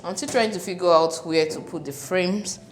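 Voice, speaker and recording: A woman chatting casually to her viewers, bubbly and excitable, laughing often. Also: on the low side, moderate pace. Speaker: fashion designer and vlogger. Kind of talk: casual vlog chat. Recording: echoey room with background music.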